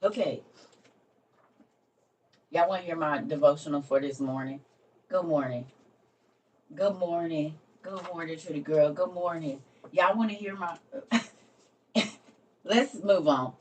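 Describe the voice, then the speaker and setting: A woman's voice: low-pitched, slow pace, long pauses, darkish tone. A woman hosting a casual livestream, talking bluntly with her viewers and reading a devotional aloud. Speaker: livestream host. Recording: distant mic with faint background noise.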